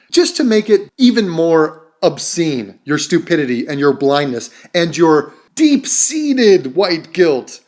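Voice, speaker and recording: A man ranting sarcastically in a commentary video, swearing often and mocking his target. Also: high voice.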